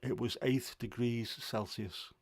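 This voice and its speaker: A man's voice: medium pitch, fairly even intonation, unhurried, vocal fry, darkish tone, no echo. A middle-aged man hosting a livestream from home, chatting casually in a grumbling, self-deprecating way. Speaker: livestream host. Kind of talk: casual chat.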